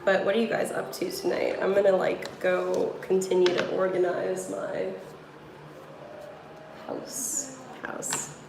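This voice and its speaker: A woman's voice: fairly low pitch, monotone, normal speed, gravelly, few pauses, echoey room, heavy background noise. A woman with a New York accent, livestreaming from her room as a tarot reader, rambling to her viewers with many fillers. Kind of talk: casual livestream chat. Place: room at home.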